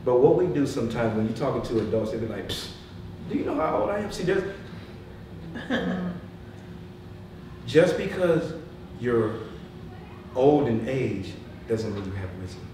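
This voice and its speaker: A man in his thirties giving a lively motivational talk to a live audience, telling stories, laughing often and swinging between loud and hushed. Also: medium pitch, unhurried, pauses often. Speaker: motivational speaker. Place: meeting room with an audience. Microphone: far from the mic. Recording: echoey room, distant mic, room noise.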